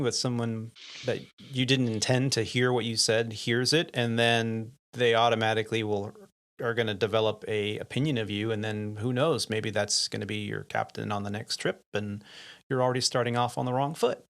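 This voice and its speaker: A middle-aged man, a podcast host and pilot, telling lively anecdotes in casual chat, laughing often and acting out the lines of the people in his stories. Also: medium pitch, moderate pace. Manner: animated anecdotes, laughs often, acts out quotes.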